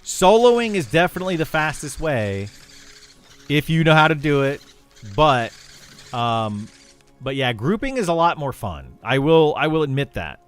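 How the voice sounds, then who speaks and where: A man's voice: fairly high pitch, very animated, unhurried, clean tone, faint music behind. A young man streaming a game and chatting casually with viewers, rambling with lots of fillers and restarts. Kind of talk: casual livestream chat with viewers.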